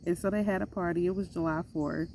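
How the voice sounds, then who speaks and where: A young adult woman telling a personal story in a chatty, animated way, slipping into other voices when she quotes people. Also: on the low side, fast talker, creaky, a little hiss or hum. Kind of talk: casual storytime monologue.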